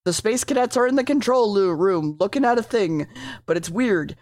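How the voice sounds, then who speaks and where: A woman's voice: mid-range voice, expressive, normal speed, darkish tone. A woman casually recapping a TV episode, rambling, swearing freely and correcting herself as she goes.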